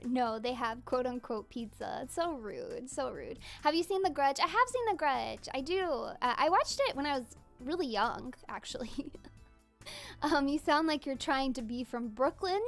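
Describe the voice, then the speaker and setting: A woman's voice: high-pitched, animated, measured pace, faint music behind. A young woman streamer chatting casually while drawing, giggly and full of fillers. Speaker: streamer and virtual idol voice actor.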